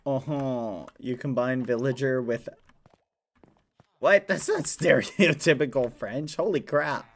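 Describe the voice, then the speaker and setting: A man's voice: medium pitch, expressive, measured pace, fairly bright tone, slightly rough. A man casually chatting with his chat during a live game stream, playful and chatty. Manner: playful, chatty, talks to chat while typing.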